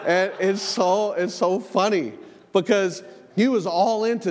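A middle-aged male pastor preaches a sermon in a church sanctuary, speaking conversationally, repeating words and sharing family stories. His voice sits high and a little mellow, with lively intonation and a moderate pace. The recording carries the long reverb of a church hall.

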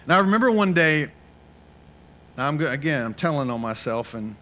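Middle-aged guy preaching, chatty storytelling sermon, voice on the higher side, keeps asking amen. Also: very animated, fairly quick, fairly bright tone. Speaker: pastor.

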